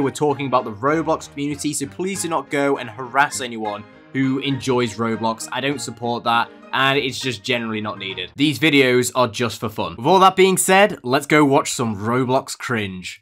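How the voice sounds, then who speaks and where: A man's voice: mid-range voice, fairly bright tone. Sarcastic young man mocking clips. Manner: sarcastic, mocking, rhetorical questions. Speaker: commentary youtuber. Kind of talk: comedic reaction commentary.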